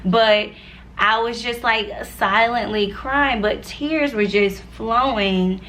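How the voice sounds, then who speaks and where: A woman's voice: on the high side, steady tone, takes it slowly, a bit bright, slight background noise. A woman in her twenties telling her personal faith story to viewers in a chatty, earnest way, with many asides. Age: 20s. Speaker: vlogger sharing her faith testimony. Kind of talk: casual personal testimony.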